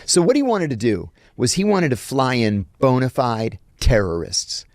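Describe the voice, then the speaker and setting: Middle aged guy spinning a yarn, kinda gravelly, dead dry room. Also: mid-range voice, normal speed, dry recording. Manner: animated anecdote teller, acts out quoted lines. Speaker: guest, former intelligence officer. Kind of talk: storytelling in an interview.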